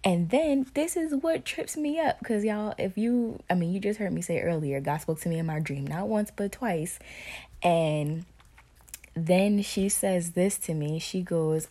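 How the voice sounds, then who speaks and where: A woman hosting a podcast, telling a personal faith story to her listeners in an animated way with hushed asides. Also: on the low side, a little slow. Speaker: podcast host sharing motherhood stories.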